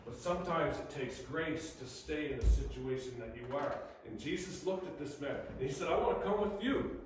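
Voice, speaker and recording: A male pastor preaches a sermon in a lively, animated way at normal speed, acting out the characters in his stories. His voice is of ordinary pitch, and the recording is very echoey and distant, with a faint hum in the room.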